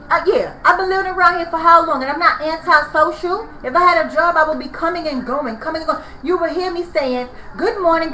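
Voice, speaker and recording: A woman rants to the camera with a very high, piercing voice. Her talk is heated, profane and repetitive, and she circles back over the same complaints. The sound rings in an echoey room. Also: pushed and bright, slight background noise. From New York. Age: 30s. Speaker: vlogger. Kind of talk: angry venting vlog.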